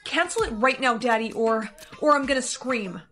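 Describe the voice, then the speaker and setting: Brief: a woman as a bratty rich teen girl, high voice, theatrical, demands everything. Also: normal speed, pushed and bright, slight background noise, low-quality recording. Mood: demanding. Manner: bossy, whiny and theatrical. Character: spoiled teenage girl, dramatic and demanding. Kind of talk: short comedy skit acting.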